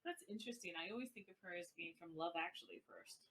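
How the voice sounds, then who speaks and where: Lady in her 40s on a movie podcast, easygoing, thinks out loud. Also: lowish voice, fast talker, poor audio. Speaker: podcast co-host. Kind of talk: casual movie review chat.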